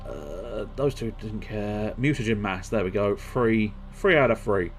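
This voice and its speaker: A man's voice: on the low side, lively intonation, a little slow, a little hiss or hum. A man streaming a video game, rambling casually with jokes and a self-deprecating streak. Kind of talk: casual gameplay commentary.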